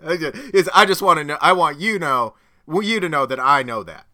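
A man's voice: a little high, animated, brisk, bright, forceful tone. A man hosting a casual sports podcast, chatty and joking, laughing often between points. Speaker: podcast co-host. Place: home podcast studio.

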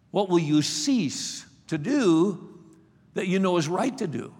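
A male preacher with a high voice delivers a sermon at a slow, emphatic pace, often repeating the opening words of a phrase before he lands it. His voice rings out with a long reverb, as if filling a large hall. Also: breathy edge.

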